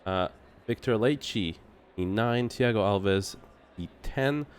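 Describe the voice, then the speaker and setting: A man doing live sim racing commentary, relaxed and laughing often, tripping over driver names. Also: lowish voice, takes it slowly, slight background noise.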